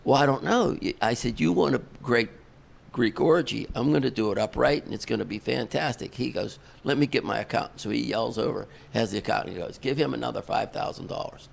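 A man's voice: mid-range voice, brisk, vocal fry. An older man, a concert promoter telling a long rambling backstage story full of fillers and restarts. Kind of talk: casual storytelling.

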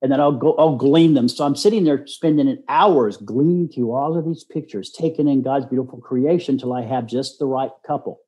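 A man's voice: mid-range voice, normal speed, hardly any pauses, mellow. A man in his sixties from Texas, telling a personal story as a guest in an earnest, folksy way. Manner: earnest, folksy, acts out quoted voices. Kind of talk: casual storytelling.

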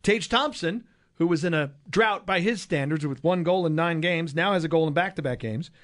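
A man's voice: fairly high pitch, normal speed, a bit bright. A man hosting a casual sports talk show, reading out stats and a sponsor line, with sarcastic asides. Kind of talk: casual sports radio chat.

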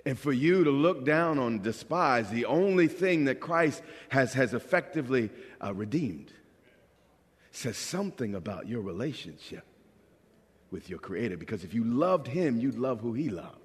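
A man's voice: mid-range voice, moderate pace, slightly rough. A man preaching a sermon as pastor, asking the congregation questions and acting out the voices he quotes. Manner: animated, acts out quoted voices. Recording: long hall reverb.

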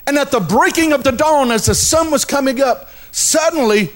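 A man's voice: very high voice, moderate pace. A male pastor preaching a sermon, telling a story dramatically and addressing the congregation directly.

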